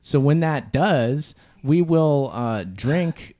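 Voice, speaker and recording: A man's voice: a little high, lively intonation, drawn-out words, warm tone. A man co-hosting a casual live chat, easygoing and agreeable. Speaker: co-host.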